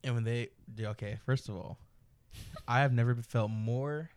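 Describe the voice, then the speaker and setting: A young man hosting a podcast, teasing his guest and telling stories in casual chat. He acts out the lines of the people in them. His voice is mid-pitched and smooth. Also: fairly even intonation, normal speed, a little mellow, no room sound. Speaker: podcast host.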